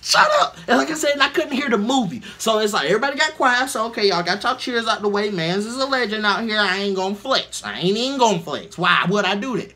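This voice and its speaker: A man hosting his own video, telling a story in a slangy, profane, animated way. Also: sits high, fast talker, hardly any pauses. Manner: slangy, profane, animated, acts out crowd reactions. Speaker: video host. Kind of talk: casual storytelling rant.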